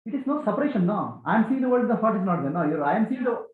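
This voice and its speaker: A man giving a spiritual talk to a gathering, animated and questioning, repeating key phrases. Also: sits high, racing. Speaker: spiritual teacher. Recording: echoey, tinny phone-like sound.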